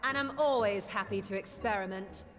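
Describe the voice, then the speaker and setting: A woman's voice: mid-range voice, normal speed, a bit bright, close to an everyday voice. A woman as a wry, courteous game ally.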